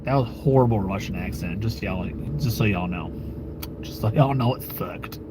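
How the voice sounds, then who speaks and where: A man's voice: on the low side, normal speed, background noise. Laid-back rambling American man. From United States. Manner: rambling and relaxed, with frequent fillers, swearing and chuckles. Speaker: YouTube channel host talking with live-stream viewers. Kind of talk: casual live-stream chat.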